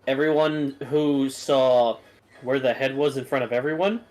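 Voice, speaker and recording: A man's voice: medium pitch, fairly even intonation, measured pace, a little mellow, poor audio. A man as dungeon master, narrating a tabletop game in a loose, filler-heavy way.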